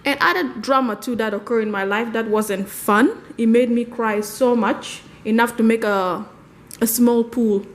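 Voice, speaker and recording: A woman's voice: fairly high pitch, unhurried. A woman talking casually through a life-update vlog at home in her kitchen, rambling and laughing often. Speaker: vlogger.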